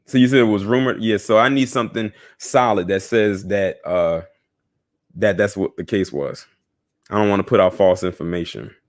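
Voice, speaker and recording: A man's voice: on the low side, moderate pace. A young man hosting a casual news commentary show, talking straight to his viewers with scoffing asides. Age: young adult. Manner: animated, talks to viewers directly, scoffing asides.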